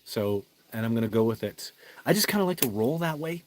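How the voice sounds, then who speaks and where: A man's voice: mid-range voice, animated, fairly quick, darkish tone, a little hiss or hum. A man hosting a casual livestream, rambling with restarts as he reads viewer comments and answers in an emphatic, certain way. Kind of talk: casual live chat.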